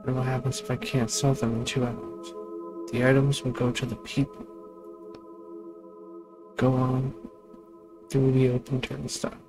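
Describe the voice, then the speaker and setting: Flat-voiced man reading a text game. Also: medium pitch, unhurried, long pauses, over music, low-quality recording. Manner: reads game text, then chats in asides. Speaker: gaming channel host. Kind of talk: reading a text adventure aloud with casual commentary.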